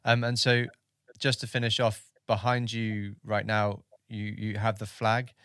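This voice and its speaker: A man's voice: on the low side, monotone, a little slow, a bit bright, clean tone, no echo, clean studio sound. A man hosting a podcast interview, speaking supportively with short affirmations and hesitant questions. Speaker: podcast host.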